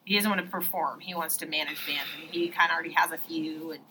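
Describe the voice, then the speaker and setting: A woman co-hosting a podcast in casual chat, talking with lots of fillers and quick asides. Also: sits low, a little hiss or hum, poor audio. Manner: chatty, filler-heavy, lively with quick asides. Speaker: podcast co-host.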